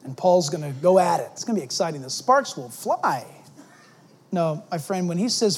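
A man's voice: sits high, expressive, normal speed, breathy edge. A male pastor preaching an expository sermon, emphatic and full of rhetorical questions.

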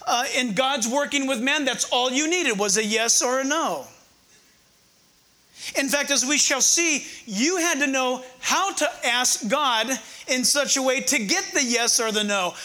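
An older male pastor delivers a conversational, humorous sermon, slowing down to read verses with emphasis. His voice is very high-pitched with a sharp tone.

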